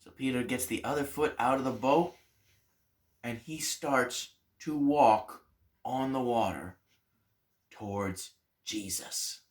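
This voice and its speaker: A male pastor tells a Bible story for a Sunday school lesson, animated at first, then dropping to soft tones for emphasis. His mid-range voice moves slowly, with long pauses.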